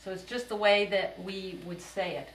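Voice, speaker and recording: A woman's voice: mid-range voice, steady tone, moderate pace. A woman teaching a music lesson, explaining rhythm and beat patiently step by step. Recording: roomy, distant, noisy home recording.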